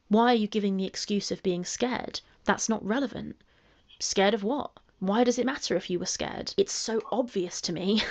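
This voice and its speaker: A woman with a calming voice giving measured commentary, reading messages aloud and asking pointed rhetorical questions. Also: medium pitch. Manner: analytical, emphatic rhetorical questions.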